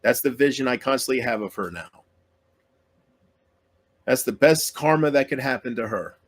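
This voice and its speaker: A man's voice: medium pitch, lively intonation, moderate pace. A man YouTuber in an emotional solo rant to his viewers, aggrieved and self-pitying, swearing often and trailing off mid-sentence.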